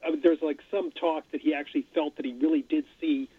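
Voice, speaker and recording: Husky man thinking aloud on radio. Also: on the high side, steady tone, quick pace, no echo. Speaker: studio guest. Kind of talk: casual radio chat. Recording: thin phone-like radio sound.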